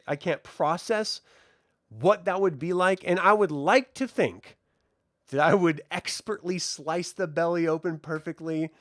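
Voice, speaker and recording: A woman's voice: fairly low pitch, dry recording, studio quality. A woman co-hosting a casual TV review chat, retelling scenes with a lot of swearing and laughter. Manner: profane, laughing, animated retelling. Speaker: co-host reviewing a TV episode.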